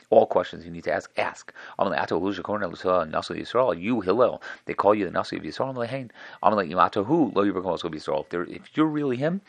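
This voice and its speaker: A man teaching a text aloud, translating line by line and quickly acting out the exchanges between the characters. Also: gravelly, no room sound. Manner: fast, acting out the dialogue with raised-pitch questions. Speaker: Talmud teacher.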